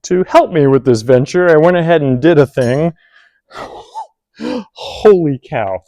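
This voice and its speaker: Dismantling a tractor in his workshop, this vlogger thinks out loud, makes self-deprecating jokes, and breaks into fits of amused laughter. His voice is on the high side and a little mellow, he talks a bit fast, and the recording is dry.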